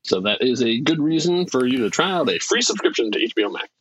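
A man's voice: mid-range voice, very animated, quick pace, slightly rough, no room sound, rough recording. A man co-hosting a casual movie podcast, chatting loosely, laughing often and restarting sentences as he runs a game. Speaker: podcast co-host running a game.

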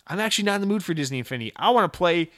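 A young man talks on his own show in a loose, rambling way, tripping over restarts and tossing in curse words as he gets excited. His voice sits a bit high for a man. The sound is close and dry, with no room around it. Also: very fast, dry recording. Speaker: podcast host. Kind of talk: casual solo podcast chat.

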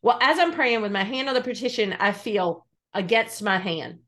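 A middle-aged woman, a guest on a faith podcast, telling stories in an animated, earnest way and laughing easily. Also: mid-range voice, normal speed. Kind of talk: conversational storytelling.

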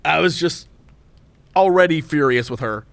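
A man's voice: a little high, lively intonation, moderate pace, vocal fry, fairly bright tone, clean tone, no echo. A man co-hosting a podcast, animatedly retelling a story in casual chat with laughter. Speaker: podcast co-host.

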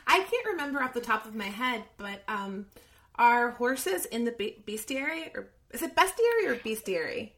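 Higher-voiced, bright woman interviewer. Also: lively intonation, moderate pace. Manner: gives frequent soft backchannels, asks rambling questions. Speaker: interviewer host. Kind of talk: casual interview conversation.

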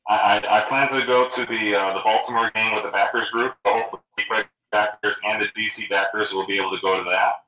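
A middle-aged man talks casually as a show guest, pausing often with ums and restarting his sentences. His low voice has a bright, forceful edge. He sounds set back from the mic in a roomy space. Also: fairly even intonation. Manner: hesitant, many ums and restarts. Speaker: guest super fan. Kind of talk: casual chat. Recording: roomy echo, distant from the mic.

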